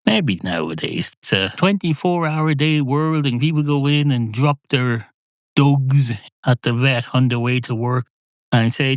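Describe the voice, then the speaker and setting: An Irish podcast host telling an improvised, whimsical comic story with rambling asides. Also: male voice, medium pitch, a little slow, dry recording, clean studio sound. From Ireland.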